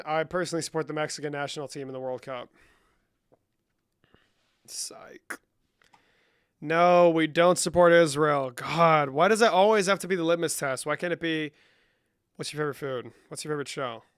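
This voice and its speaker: Profane young man streaming, smooth voice. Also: fairly high pitch, fast, hardly any pauses, dry recording, studio quality. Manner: profane, bantering, answers chat questions aloud; drifts between English and Spanish. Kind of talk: casual live-stream chat.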